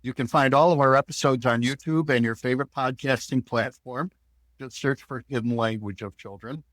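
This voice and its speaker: A man's voice: medium pitch, steady tone, moderate pace, fairly bright tone, dry recording. A man co-hosting a parenting podcast, setting up segments and reading the outro in a friendly, conversational way. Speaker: podcast co-host and producer.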